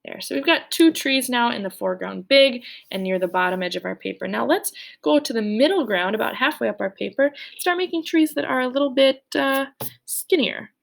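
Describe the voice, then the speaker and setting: Cheery young lady teaching kids to draw, bit of vocal fry, kinda high. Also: expressive, brisk. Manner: cheerful, playful, speaks directly to kids. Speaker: art teacher. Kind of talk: children's drawing lesson.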